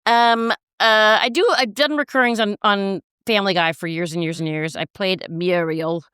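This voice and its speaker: A woman's voice: mid-range voice, steady tone, normal speed, sharp tone, smooth, no room sound, studio quality. A middle-aged woman guest chatting casually and telling self-deprecating stories. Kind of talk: casual chat.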